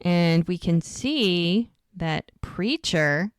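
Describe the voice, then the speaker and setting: This woman co-hosts a podcast, speaking very slowly in a low-leaning, expressive voice that is clear and resonant, with no room sound. Her casual recap walks through an episode scene by scene, peppered with fillers.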